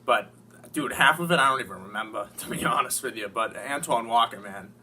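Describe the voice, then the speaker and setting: A man from Massachusetts talking as an interviewed sports fan, rambling, profane and excitable. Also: mid-range voice, fairly quick, a little hiss or hum. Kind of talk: casual mock interview. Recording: distant mic with faint ambience.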